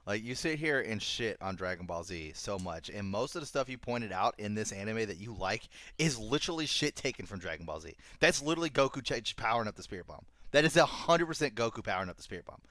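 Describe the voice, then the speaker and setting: A man's voice: lowish voice, fast talker, few pauses, dry recording. A man hosting a casual anime review chat, swearing freely and getting worked up as he retells scenes. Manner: excited, profane, retells scenes with voices. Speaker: podcast host.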